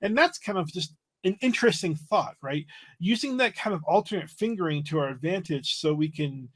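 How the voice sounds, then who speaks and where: A man teaching a livestream flute lesson, explaining in a relaxed way and checking in with "right?" as he goes. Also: a little high, brisk.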